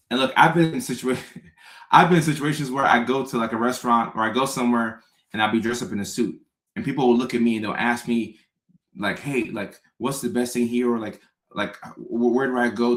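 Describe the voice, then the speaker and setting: A man's voice: mid-range voice, fairly bright tone. A man hosting his own show, talking casually to his audience in a rambling way, repeating himself and making self-mocking asides. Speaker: show host. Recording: roomy echoey room.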